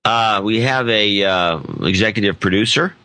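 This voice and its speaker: A man's voice: fairly low pitch, moderate pace, sharp tone, no room sound. A man co-hosting a podcast in casual chat, giving dry, laconic replies. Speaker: podcast co-host.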